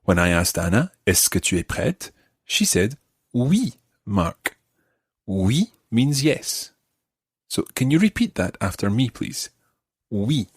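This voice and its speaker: A man's voice: on the low side, sing-song, takes it slowly, long pauses, slightly rough, no echo. A middle-aged man hosting a podcast language lesson, patiently explaining and modeling pronunciation for learners. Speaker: language teacher and podcast host. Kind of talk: friendly guided language lesson.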